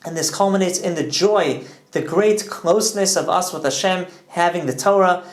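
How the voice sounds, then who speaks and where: A man's voice: high-pitched, normal speed. A man in his thirties giving an informal, earnest Torah lesson, full of enthusiasm and sprinkled with Hebrew and Yiddish terms. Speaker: Torah teacher. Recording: echoey room.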